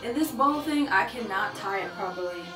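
A young woman from Georgia with a Southern American accent, vlogging to the camera at home in a chatty, animated way. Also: medium pitch, moderate pace. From Georgia, USA. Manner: animated and chatty, talking straight to the viewer. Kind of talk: casual vlog chat. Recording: roomy, mic at a distance, music behind.

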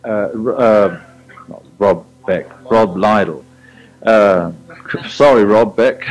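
An older English man preaching a sermon, telling personal stories in a halting, anecdotal way with many fillers. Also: fairly low pitch, faint music behind, low-quality recording. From England.

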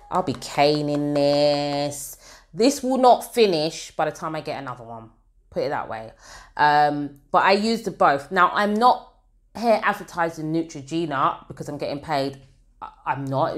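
A woman from the UK talks casually to camera as a beauty vlogger, her voice sitting low. She rambles in a chatty way, with plenty of fillers and side comments. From United Kingdom.

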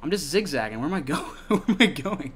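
A man's voice: fairly high pitch, fast talker, a little hiss or hum. Swearing, jumpy young gamer guy. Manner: swearing, jumpy and excitable, yelps when startled. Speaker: let's play gamer. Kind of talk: casual horror game commentary.

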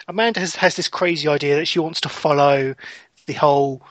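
A young man hosting a podcast in casual chat, chatty and quick to laugh, often restarting his sentences. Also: a little high, fairly even intonation, no room sound. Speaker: podcast host.

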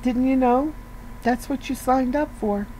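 A woman's voice: sits high, unhurried, mellow, a little hiss or hum, low-quality recording. A woman giving a casual devotional talk, conversational and earnest, asking her listeners rhetorical questions and often saying "you know". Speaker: devotional speaker.

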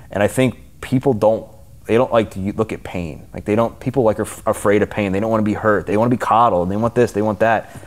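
A man's voice: deep voice, darkish tone. A man, a fitness coach, answering interview questions in an earnest, open way with lots of "like".

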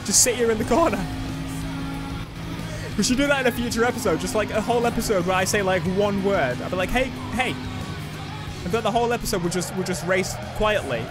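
A young man on a headset, chatting through a let's play with excitable outbursts. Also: sits high, fast. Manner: chatty, excitable, bursts into loud exclamations. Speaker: gaming YouTuber. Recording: game music loud behind voice.

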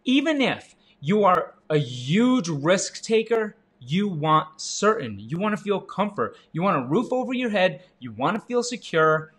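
A man in his thirties giving an energetic sales coaching talk, jumping up in pitch for emphasis and asking the listener questions. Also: measured pace, hardly any pauses, breathy edge. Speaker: real estate agent and sales coach. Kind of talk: motivational sales talk to camera.

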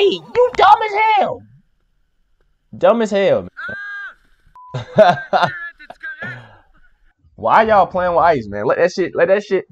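A young man hosting a reaction video, giving casual commentary that is animated, exclamatory and profane, and laughing often. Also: very high voice, slight background noise.

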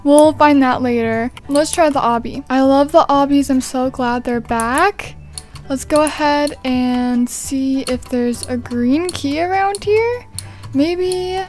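A high-voiced woman chatting through a video game with bubbly, breathless excitement. Faint game music plays behind her as she narrates what she finds. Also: slow pace. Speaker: gaming YouTuber. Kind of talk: casual gameplay commentary.

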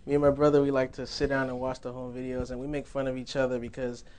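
A man's voice: mid-range voice, level tone, fast, a little mellow. A young man giving a sermon in a church, conversational and humorous, laughing often. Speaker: preacher.

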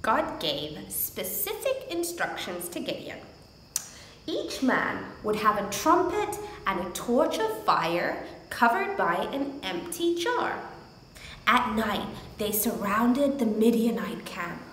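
A woman teaching a church lesson, telling a Bible story and reading scripture in a slow, animated manner. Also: a little high. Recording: echoey hall with faint background noise.

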